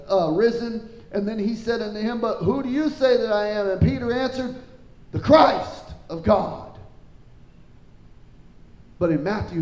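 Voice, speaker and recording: A man's voice: reverberant, poor audio. A man preaching a sermon, reading scripture aloud and stopping to ask the listeners whether they understand. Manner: animated, rising pitch when quoting scripture; asks the congregation questions.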